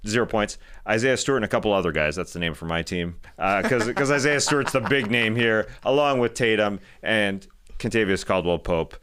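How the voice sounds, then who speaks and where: A man's voice: lowish voice, expressive, fairly quick, few pauses, fairly bright tone, smooth. An American man co-hosting a podcast, chatting casually about basketball, rambling and correcting himself as he goes. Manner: rambling, self-correcting, laughs easily. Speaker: podcast co-host. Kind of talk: casual sports chat.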